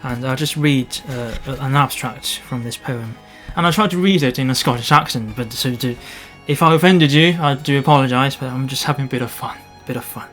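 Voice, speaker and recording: Halting, easygoing male photographer. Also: mid-range voice, soft background music. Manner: halting, with many restarts and soft asides. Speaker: landscape photographer. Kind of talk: casual vlog narration.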